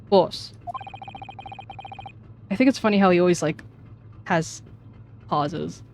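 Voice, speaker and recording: A woman's voice: lowish voice, expressive, takes it slowly, pauses often, darkish tone, a little hiss or hum. A woman streaming a video game, chatting casually between reading lines, with self-mocking asides. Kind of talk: casual gameplay commentary.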